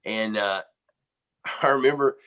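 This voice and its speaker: Low-voiced man telling a band story. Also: a little slow. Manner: animated, filler-heavy, lots of "man" and "you know". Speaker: band drummer interviewed. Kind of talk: casual storytelling anecdote.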